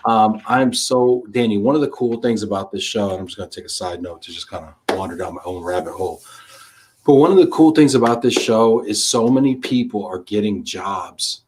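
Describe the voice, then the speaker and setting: A man's voice: on the low side, a little fast, noisy background. A man hosting a live-streamed talk show, chatting casually and energetically on a video call, tossing in slang like "buddy" and "man".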